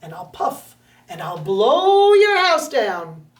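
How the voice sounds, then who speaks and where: A woman's voice: a little high, big pitch swings, takes it slowly. A woman voicing the big bad wolf, a blustering male wolf who draws out his threats, recorded in a roomy space from a distant mic. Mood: threatening.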